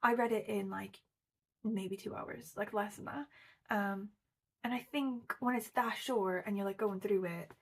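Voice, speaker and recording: A woman's voice: medium pitch, fairly even intonation, measured pace, breathy edge. A woman chatting casually about books in a vlog, rambling with lots of likes and ums. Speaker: booktuber. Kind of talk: casual book vlog chat.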